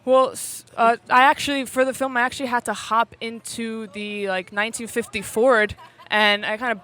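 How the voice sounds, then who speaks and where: A woman, an actress in a short film, talking in a rambling, halting way with frequent laughs at a red carpet interview. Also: fairly high pitch, fairly even intonation, pushed and bright. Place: outdoors at a premiere.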